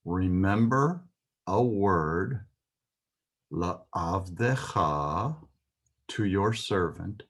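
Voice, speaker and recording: A man teaching a Hebrew alphabet lesson, patiently explaining and pointing out letters. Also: low voice.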